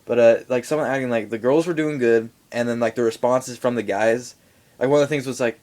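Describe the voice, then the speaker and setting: A man's voice: medium pitch, quick pace. A young man giving a casual, rambling movie review in a home vlog, full of fillers and asides. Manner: rambling, animated, many fillers.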